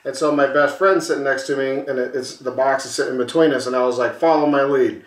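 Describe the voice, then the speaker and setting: A man's voice: mid-range voice, quick pace, reverberant. A man co-hosting a casual podcast, telling a wild road story and acting out the voices as he goes. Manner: animated storyteller, acts out voices, swears freely. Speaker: podcast co-host. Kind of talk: casual storytelling over a beer.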